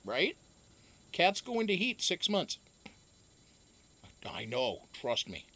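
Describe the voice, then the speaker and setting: A young man, a reality show houseguest, telling a casual story in a profane, animated way. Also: fairly high pitch, slow.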